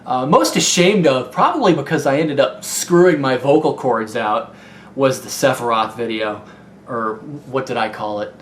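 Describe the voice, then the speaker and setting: A man's voice: medium pitch, normal speed. Young man, Midwestern accent, rambling and candid, roomy echo, faint hiss. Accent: Midwestern American. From Ohio. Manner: rambling, candid, many fillers and restarts. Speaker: YouTube gaming video maker. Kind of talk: casual Q&A vlog. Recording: echoey room with faint noise.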